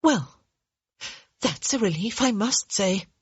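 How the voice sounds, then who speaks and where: A woman's voice: mid-range voice, animated, breathy edge, dry recording, pitched above the performer's own voice, full character voice. A woman voicing a spirited, frank young noblewoman who speaks bluntly, in a raised voice. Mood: tart. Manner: blunt, brisk. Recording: dull lo-fi dry recording.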